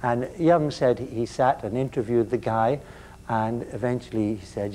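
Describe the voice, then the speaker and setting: An older man lecturing to a class, his voice mellow and dark, stumbling over and repeating words as he goes. He mixes dry jokes into the talk. A faint hum runs underneath the recording. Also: medium pitch, fairly even intonation. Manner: halting, repeats words, wry humor. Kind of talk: university lecture.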